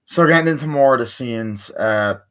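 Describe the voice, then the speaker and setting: This is an offhand spoken film review from a tired man whose mid-range voice is clean and fairly bright, delivered at normal speed. He rambles, swears, and piles on fillers and restarts.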